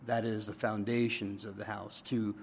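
Man preaching an animated sermon. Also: lowish voice, moderate pace, creaky, slight background noise. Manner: animated, asks the congregation "right?" often. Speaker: pastor.

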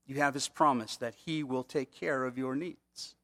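A man's voice: mid-range voice, steady tone, normal speed, a bit bright. A man preaching a conversational sermon, asking the congregation rhetorical questions. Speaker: pastor.

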